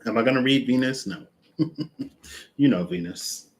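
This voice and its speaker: A man reading oracle cards aloud in a casual way, with unhurried, musing asides to himself between passages. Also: medium pitch. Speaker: oracle card reader.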